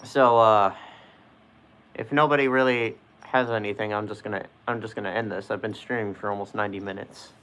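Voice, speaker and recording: A man's voice: fairly low pitch, fairly even intonation, fairly quick, a bit bright, slight background noise. A man in a fursuit, chatting casually on a live stream, hesitant and full of fillers as he asks viewers for questions. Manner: hesitant, filler-heavy, trailing off. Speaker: fursuit livestreamer. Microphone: wearing a fursuit head.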